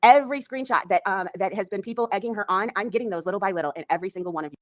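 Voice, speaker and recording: A woman's voice: medium pitch, rapid-fire, dry recording. A woman delivering a furious, profanity-filled rant, threatening and angry.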